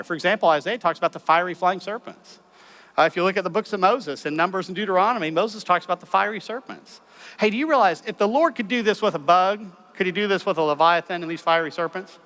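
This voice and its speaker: A man lecturing a live audience in an animated way, with many rhetorical questions. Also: high voice. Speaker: speaker.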